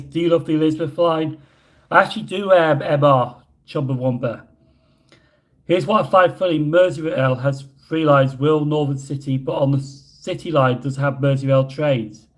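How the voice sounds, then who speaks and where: A man's voice: a little high, fairly even intonation, moderate pace. A young man chatting casually on a livestream, reading out viewer comments and rambling about his own slips. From Yorkshire, England. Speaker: livestream host. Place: hotel room.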